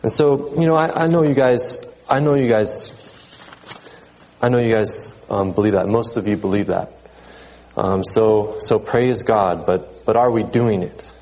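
A man preaching a sermon in a relaxed, conversational way, often repeating words and pausing on fillers. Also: lowish voice, rough recording. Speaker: pastor.

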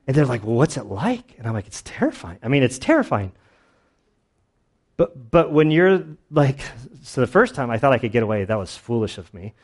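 Chatty man preaching a relaxed sermon. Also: medium pitch, a little fast. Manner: casual storytelling with many fillers and restarts. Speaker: pastor. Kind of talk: conversational sermon.

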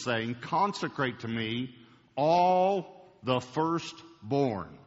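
A man preaching to a large congregation, slowing down to hammer home key words. His voice sits at an ordinary pitch. The sound is dull and carries a long church-hall reverb. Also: a bit bright. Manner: emphatic, slows down to stress key words. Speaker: pastor. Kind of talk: sermon.

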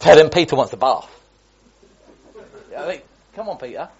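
A man's voice: a little high, expressive, moderate pace, darkish tone, highs cut off. A man giving an informal Bible teaching in a chatty way, restating points and restarting often. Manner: chatty, repetitive, with many restarts and asides.

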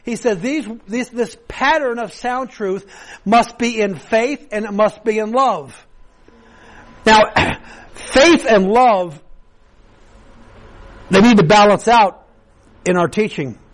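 Earnest male pastor, fairly high voice. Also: expressive, takes it slowly, long pauses, poor audio. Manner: earnest, often repeats and restarts words. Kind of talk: sermon.

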